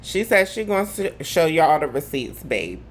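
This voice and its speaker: A man's voice: on the high side, big pitch swings, normal speed, very noisy. A man hosting a live gossip commentary show, talking in a sassy, campy way full of drawled slang. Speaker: host.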